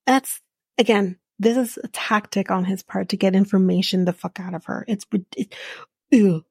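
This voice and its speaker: This young adult woman hosts a casual podcast recap, commenting bluntly with profanity and indignation. Her mid-range voice is husky and darkish, with vocal fry and a moderate pace, recorded at studio quality with no echo.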